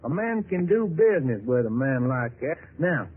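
A man's voice: mid-range voice, big pitch swings, normal speed, slightly rough. An actor playing a folksy, wheedling middleman in a 1950s radio drama. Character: smooth-talking Southern middleman, called Dixie. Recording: tinny lo-fi old radio broadcast.

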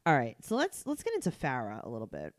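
A woman's voice: very deep voice, huge pitch swings, fast, no echo, clean studio sound. A young adult woman hosting a casual podcast chat, playful and steering the conversation. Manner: playful, steers the talk, mimics people. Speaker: podcast host.

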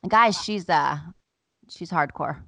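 A young woman with a very low, gravelly voice chats candidly on a podcast, sounding worn out. She tells self-mocking stories and laughs often. The sound is dry and close. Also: takes it slowly, pushed and bright, no room sound. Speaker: podcast co-host. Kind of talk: casual chat.

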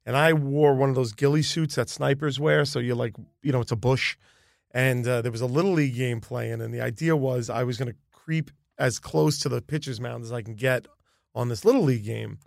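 Gravelly man telling a story. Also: mid-range voice, a little fast, no room sound, studio quality. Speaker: guest comedian. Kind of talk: casual podcast storytelling.

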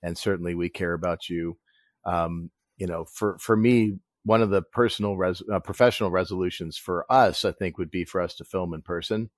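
Low-voiced earnest male co-host. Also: moderate pace, dry recording, clean studio sound. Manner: supportive, earnest. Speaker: podcast co-host. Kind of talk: casual chat.

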